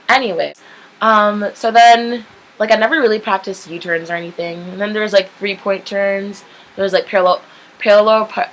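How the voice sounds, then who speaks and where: A woman's voice: medium pitch, a bit bright, rough recording. A young woman vlogger telling a story in a casual, rambling way, saying "like" constantly and swearing freely. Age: young adult. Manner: chatty, rambling, heavy use of "like", candid swearing.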